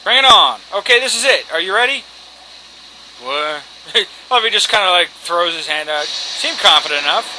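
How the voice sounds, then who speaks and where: A man's voice: sits high, lively intonation, moderate pace, bright, forceful tone, slight background noise, low-quality recording. A man giving casual, cocky, joking commentary while playing a video game, swearing freely. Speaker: let's play commentator. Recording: game music behind.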